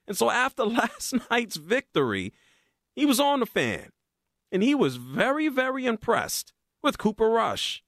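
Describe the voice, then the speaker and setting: A man hosting a sports commentary show, ranting with sarcasm in an animated way. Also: very high voice, a little slow, no echo, studio quality.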